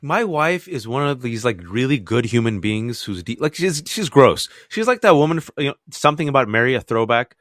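A man, an author, talking in a radio interview as an animated storyteller who laughs often. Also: medium pitch, a little fast, few pauses, no room sound, clean studio sound. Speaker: author and guest.

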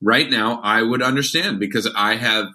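A comedian guest on a podcast, joking around over a video call in a playful, punning way. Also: male voice, normal speed, bright, forceful tone. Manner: playful, punning, jumps up in pitch for jokes. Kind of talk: casual comedic chat.

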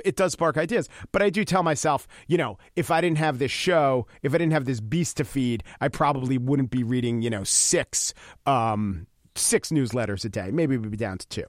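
A middle-aged man with a New York accent, a radio host answering interview questions in a talkative, opinionated way with quick asides. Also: medium pitch, no echo, clean studio sound. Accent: New York area. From New York–New Jersey area. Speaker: radio show host, guest.

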